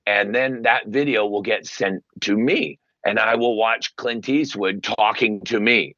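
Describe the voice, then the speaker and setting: A man, a guest on an interview show, telling stories with lively, emphatic delivery and acted-out quotes. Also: a little slow, dry recording, highs cut off. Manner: animated storyteller, acts out quotes with big pitch jumps. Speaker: guest, paid sports superfan. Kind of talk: casual interview talk.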